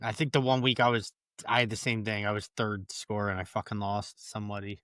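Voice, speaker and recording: A man's voice: on the low side, level tone, a little fast, fairly bright tone, clean tone, no echo, studio quality. A man co-hosting a casual podcast chat, rambling and cursing, laughing at his own bad luck. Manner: rambling, swears freely, laughs at himself. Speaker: podcast co-host.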